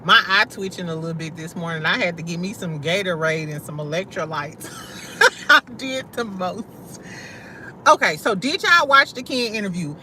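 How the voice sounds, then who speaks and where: A young woman from St. Louis hosting a casual livestream, talking loud and slangy, swearing freely and laughing often as she answers her chat. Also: fairly low pitch, lively intonation, normal speed, a little hiss or hum. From St. Louis, USA. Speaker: livestream host.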